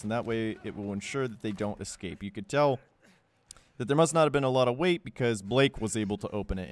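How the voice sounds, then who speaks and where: A young man giving a casual, joking game walkthrough voice-over, rambling with sarcastic asides. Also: mid-range voice. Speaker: gameplay guide narrator.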